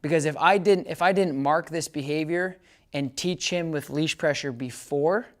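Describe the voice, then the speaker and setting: A man's voice: a little high, normal speed. Chatty male dog trainer. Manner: chatty, keeps checking understanding; bright, upbeat praise commands to the dog. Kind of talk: casual hands-on training demo.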